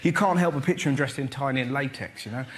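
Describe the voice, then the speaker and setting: A man doing energetic stand-up on a TV panel show, quick and excitable, often bursting into acted-out voices. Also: medium pitch. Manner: fast, excitable, acts out voices. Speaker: comedian. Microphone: stage mic.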